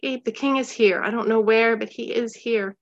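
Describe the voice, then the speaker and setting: A woman's voice: fairly high pitch, steady tone, normal speed, muffled recording, natural voice. A woman reading as a frightened young sister. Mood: earnest. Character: trembling, frightened young girl, his sister.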